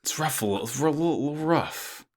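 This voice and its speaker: A man co-hosting a casual anime recap podcast, talking in a lively way, swearing casually and laughing easily. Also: fairly high pitch, a little fast. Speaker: podcast co-host.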